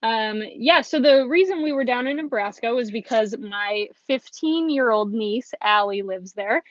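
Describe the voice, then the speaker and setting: A woman leads a live card-making tutorial from her home craft space, her voice pitched a little high. She chats easily and stops to greet viewers and answer their comments. The stream audio is dry and a bit dull. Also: a little slow, no room sound. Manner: chatty, reads viewer comments aloud between steps. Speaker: stamping and card-making host.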